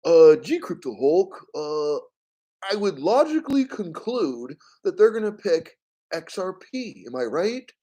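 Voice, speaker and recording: A smug know-it-all viewer played by a man answers in a slow, mock-earnest drawl. The voice sounds a little farther from the mic. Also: sits high, sing-song, warm tone, exaggerated voice.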